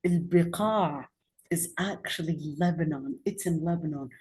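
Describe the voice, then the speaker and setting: Her voice sits low and is a little mellow, and she speaks at a moderate pace. A lecturer in Islamic studies, she gives a conversational classroom lesson on religion, putting questions to her students.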